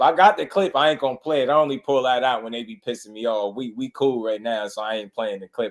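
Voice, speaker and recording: A man's voice: mid-range voice, fast talker, few pauses. A man hosting a casual boxing livestream, talking in a laid-back, slangy way and greeting viewers in the chat by name.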